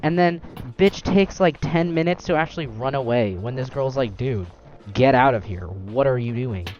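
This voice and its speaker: A young man, host of a gaming channel, chatting casually while playing, rambling with animated acted-out quotes. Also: medium pitch, moderate pace, lo-fi sound.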